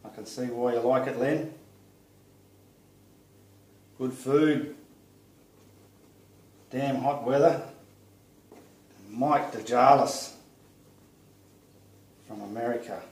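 A man with an Australian accent, casually greeting friends in a friendly, unhurried way while he paints. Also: mid-range voice, fairly even intonation, darkish tone. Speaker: artist vlogger. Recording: roomy echo, distant mic.

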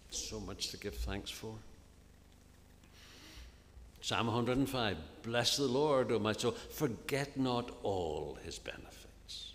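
A man preaching an earnest sermon in a church, often dropping to a soft, hushed voice on key phrases. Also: fairly low pitch, a little hiss or hum. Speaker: minister preaching. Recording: long reverb of a church hall, faint ambience.

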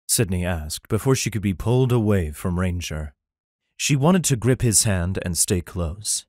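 A man narrating a fantasy romance audiobook in an even, plain storytelling manner. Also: low-pitched, measured pace, dry recording, studio quality. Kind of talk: scripted narration.

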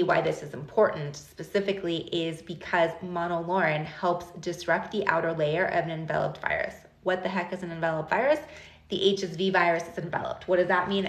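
A woman in her thirties hosting a live stream, talking casually and directly to her viewers in an animated, chatty way. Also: on the low side. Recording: echoey room.

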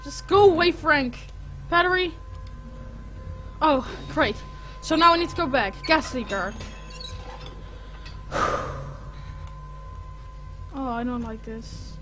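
A woman's voice: high voice, slow pace, long pauses, a bit bright, faint music behind. A woman playing a horror game, panicking, swearing and muttering to herself as she goes. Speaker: gaming streamer. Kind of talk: horror game let's play commentary.

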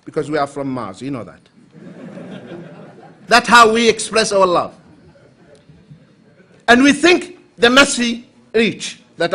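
Male lecturer from the Emirates, high, bright and lively delivery, acts out characters in anecdotes. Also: unhurried, long pauses. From United Arab Emirates. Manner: animated storyteller, acts out quoted voices for humor. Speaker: Islamic lecturer. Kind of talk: conference lecture with acted anecdotes.

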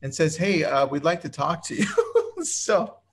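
Upbeat, slightly high-voiced man hosting. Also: unhurried. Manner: upbeat, enthusiastic, storytelling. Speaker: webinar co-host. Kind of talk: casual webinar chat.

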